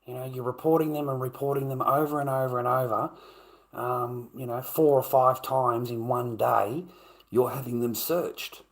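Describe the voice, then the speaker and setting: A man's voice: medium pitch, steady tone, moderate pace. An Australian man livestreaming, ranting in a blunt, profane way and repeating his points. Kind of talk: casual live stream rant.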